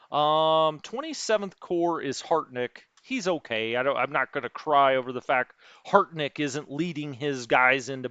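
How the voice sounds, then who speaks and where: A man's voice: medium pitch, fairly bright tone, clean tone, no echo, dull audio. A man streaming a strategy wargame, muttering through unit numbers and chatting with his live chat. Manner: thinks aloud, muttering over unit numbers.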